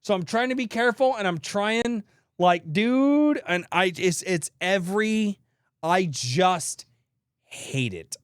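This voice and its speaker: A man in his thirties tells rambling comic stories on a podcast, acting out his own grumbles with plenty of swearing. His voice sits high for a man and is recorded close and dry. He jumps between quick bursts and slower stretches. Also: animated, clear, resonant tone, no echo. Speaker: podcast co-host. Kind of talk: casual comedic storytelling.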